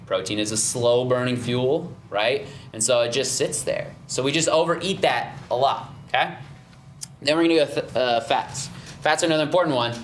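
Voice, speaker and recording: A man's voice: mid-range voice, normal speed, reverberant, slight background noise. A man leading a nutrition seminar as a fitness trainer, casual and encouraging, often checking in with "right?" and "okay?". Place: fitness studio seminar room.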